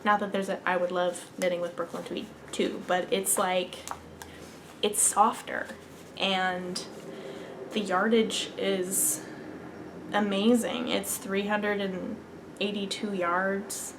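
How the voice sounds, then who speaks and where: A woman's voice: medium pitch, level tone, slow, noisy background. A young woman hosting a knitting podcast, chatting casually and gushing about yarn, sometimes dropping into a whisper. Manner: gushing and enthusiastic, drops into whispers. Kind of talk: casual show-and-tell chat.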